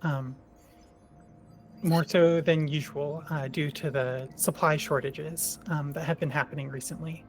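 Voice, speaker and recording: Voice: mid-range voice, steady tone, a little slow, faint music behind. A game master narrating a tabletop role-playing scene in a hesitant way with many fillers.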